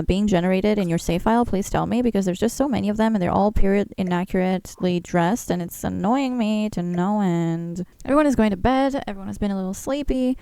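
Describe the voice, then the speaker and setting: A young woman hosting a life-sim let's-play, chatting in an excitable, gushing way. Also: medium pitch, creaky. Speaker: gaming channel host.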